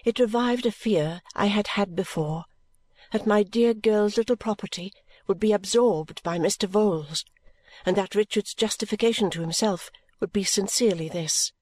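A woman's voice: mid-range voice, no room sound. Woman narrating an audiobook. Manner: measured, steady storytelling. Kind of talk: scripted narration.

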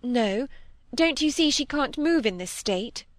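A woman's voice: high-pitched, expressive, measured pace, no room sound, pitched above the performer's own voice. A woman voicing a fearless young woman who speaks urgently and vehemently.

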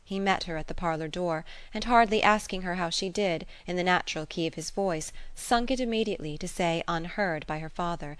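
A woman narrating an audiobook of a classic novel in a measured, even way. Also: on the low side, clear, resonant tone, no echo. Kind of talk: scripted narration.

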